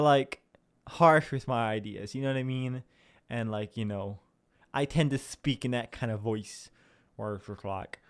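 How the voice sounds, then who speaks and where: A man's voice: medium pitch, clean tone. A young man from Southern Illinois hosting a podcast in a chatty, self-deprecating monologue, full of fillers and swearing. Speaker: podcast host. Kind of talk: casual rambling monologue.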